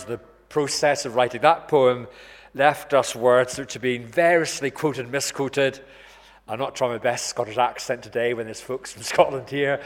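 A man preaching a sermon in an earnest, measured way, slowing down to stress key words. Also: medium pitch. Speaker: pastor. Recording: long reverb in a church hall.

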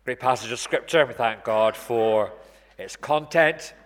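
A man preaching a sermon in an earnest, measured way, slowing down to stress key words. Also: on the low side, steady tone. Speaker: pastor. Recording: long reverb in a church hall.

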